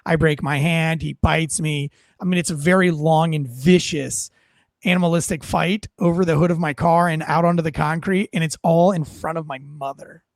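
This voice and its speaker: A man's voice: on the high side, steady tone, moderate pace, vocal fry, no echo. An American man, a former police officer turned comedian, telling stories bluntly and with self-mocking profanity in a casual interview. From United States.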